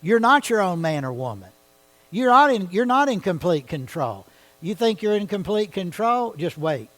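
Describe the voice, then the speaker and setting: A man's voice: high-pitched, sing-song, moderate pace, fairly bright tone, rough recording. A man leading a church Bible study, talking conversationally and often asking his listeners questions. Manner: conversational, asks the audience questions.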